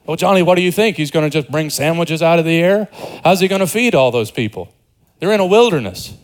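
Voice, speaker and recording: A man's voice: fairly high pitch, animated, fairly quick, natural voice, low-quality recording. A man voicing a worried, practical mother who fusses over her son in a sermon illustration. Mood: coaxing, doubtful.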